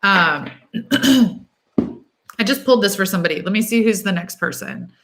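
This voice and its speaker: A young woman hosts a live tarot stream, talking through each card in a loose, thinking-aloud way. Her voice is bright and forward, upbeat and encouraging, full of little "um"s and "like"s. Her pitch sits in a middle range. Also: expressive. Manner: chatty, thinks aloud, fills pauses with "um" and "like". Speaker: tarot reader hosting a livestream. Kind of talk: casual live-stream chat.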